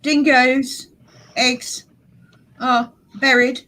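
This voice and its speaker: A woman's voice: high-pitched, level tone, drawn-out words, sharp tone, rough recording. A woman in a playful, giggly casual chat on a video call.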